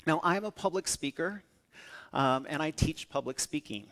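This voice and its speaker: A man giving a keynote talk, telling stories with lively acted-out quotes. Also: a little high, moderate pace. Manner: animated storytelling with acted-out quotes. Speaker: public speaker.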